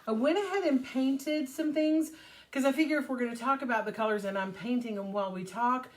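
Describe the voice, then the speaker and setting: A woman's voice: sits high, fairly quick. Chatty middle-aged woman hosting a live demo. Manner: chatty, upbeat, rambling. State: recovering from covid, slightly hoarse. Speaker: host of a live paint demo. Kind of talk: casual live-stream chat.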